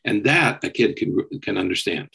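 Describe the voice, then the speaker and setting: A man co-hosting a podcast, explaining parenting advice in a steady way and often checking in with "okay?". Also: on the low side, normal speed, vocal fry, slightly rough, rough recording. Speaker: psychologist co-host. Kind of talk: casual podcast discussion.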